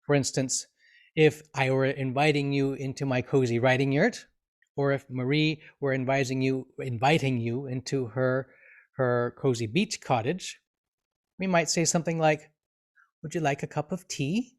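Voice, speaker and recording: Brief: male grammar teacher, live streamed lesson, explanatory, fillers and restarts, mid-pitched voice. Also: normal speed. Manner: reads example sentences with expressive inflection.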